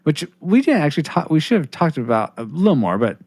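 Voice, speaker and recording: A man's voice: on the high side, big pitch swings, quick pace, darkish tone, breathy edge, no room sound. A man hosting a casual podcast, rambling with restarts while reading listener comments on a close mic. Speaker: podcast host.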